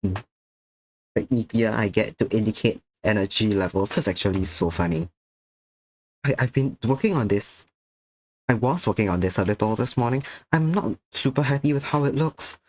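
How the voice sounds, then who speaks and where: Chatting with his art-stream audience as he draws, this tired, slightly sick man sounds drowsy and slurs a little. His voice is on the low side and darkish in tone, with lively intonation at a normal speed.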